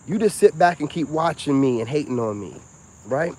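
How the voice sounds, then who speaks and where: A man's voice: a little high, animated, moderate pace, a little mellow, a little hiss or hum. Self-assured forty-something man live-streaming. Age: 40s. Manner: self-assured, preachy, talks to viewers directly. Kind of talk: casual live-stream monologue.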